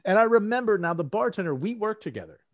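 A man's voice: high-pitched, very animated, quick pace, no echo. Man telling a rambling bar story. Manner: rambling, profane, lots of "like" and acted-out quotes. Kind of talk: casual storytelling chat.

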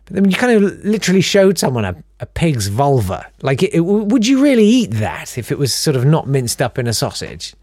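A man's voice: a little high, very animated, brisk, hardly any pauses, darkish tone, no room sound. A man hosting a podcast in a casual chat, reading out listener emails with chatty, self-deprecating, rambling asides. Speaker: podcast host.

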